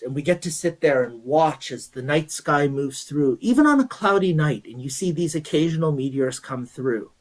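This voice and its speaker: A man's voice: a little high, rough recording. A man giving an astronomy talk, explaining meteors in a conversational way and then retelling a folk legend. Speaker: guest speaker at an astronomy event. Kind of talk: presentation with storytelling.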